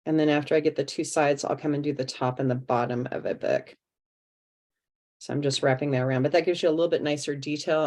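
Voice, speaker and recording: A woman's voice: sits low, darkish tone. A woman walking an online workshop through a craft project step by step, chatting as she works over a video call. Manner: chatty, step-by-step explaining while working. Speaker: art teacher leading a craft workshop.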